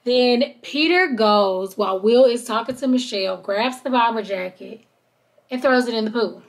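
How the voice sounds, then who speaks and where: A woman's voice: on the high side, normal speed. Chatty woman recapping a reality show. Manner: chatty, animated retelling with quoted voices. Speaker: podcast host. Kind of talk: casual recap chat.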